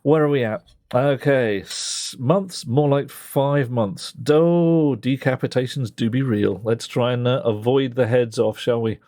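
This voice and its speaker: A man's voice: medium pitch, a little slow, dry recording. A man chatting casually while streaming a horror game and reading out chat messages. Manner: chatty, reads chat aloud, swears mildly. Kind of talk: casual gameplay commentary. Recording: game music loud underneath.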